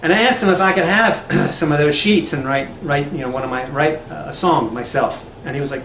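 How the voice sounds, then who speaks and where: A man with a high voice gives a loose, rambling lecture full of fillers and restarts. His voice rings in an echoey room, with faint ambience in the background. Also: a little fast, fairly bright tone, a little hiss or hum. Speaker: language lecturer. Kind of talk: casual spoken lecture with anecdotes.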